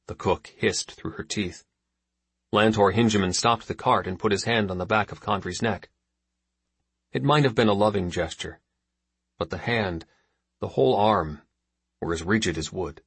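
A man reading a novel aloud as narrator, steady and measured. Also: lowish voice, slightly rough, dry recording. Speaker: audiobook narrator. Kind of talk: scripted narration.

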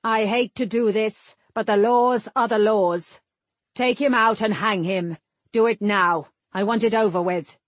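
A woman's voice: mid-range voice, a little slow, dry recording, lightly acted. A woman voicing a male lord who gives orders in a stern, snapping manner. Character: angry commanding male lord.

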